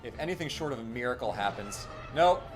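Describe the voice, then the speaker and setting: A man's voice: mid-range voice, lively intonation, brisk, over music. A man chatting casually while playing a video game on stream, explaining history as he goes and laughing often. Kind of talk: casual gameplay commentary.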